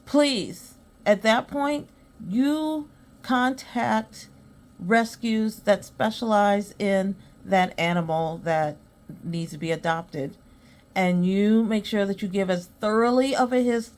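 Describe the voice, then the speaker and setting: A woman's voice: mid-range voice, slow, darkish tone. A woman hosting a podcast, chatting casually and acting out both sides of her conversations, then giving earnest advice. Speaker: podcast host. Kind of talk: casual storytelling monologue.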